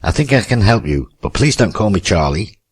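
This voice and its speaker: Man doing a polite reserved older piano guy, low and husky. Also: big pitch swings, fairly quick. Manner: polite, restrained.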